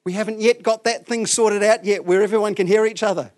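A man preaching a sermon, telling the story with lively voices for the people in it. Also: high-pitched, fairly quick. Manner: animated storytelling, acts out voices.

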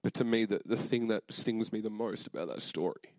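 Earnest young man preaching, low voice. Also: a little fast, a little mellow, no room sound. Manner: casual, lots of fillers, emotional and earnest. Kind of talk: sermon storytelling.

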